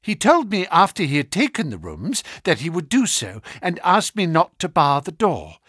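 A worried middle-aged landlady, read by a man, deferential and plain-spoken. Her pitch is fairly high and lively, and the sound is dry and close to the mic. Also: normal speed, slightly rough, no room sound, exaggerated voice. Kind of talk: audiobook character reading.

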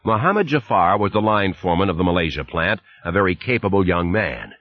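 A man narrating an audiobook in a measured storytelling manner. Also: low voice, lively intonation, no echo, highs cut off. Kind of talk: scripted narration.

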